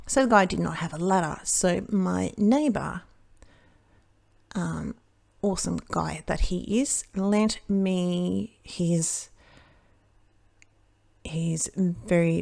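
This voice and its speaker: A woman's voice: fairly low pitch, vocal fry, darkish tone. An Australian woman chatting casually while she crafts, telling a long rambling story that keeps interrupting itself. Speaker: card-making crafter.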